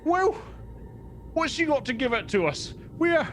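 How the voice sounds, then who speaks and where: A man putting on a shrill, brash goblin boss woman. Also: very animated, fairly bright tone, slight background noise, exaggerated voice. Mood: haggling. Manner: gruff, bluffing bravado, drawn-out. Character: shivering female goblin boss, scrappy and brash.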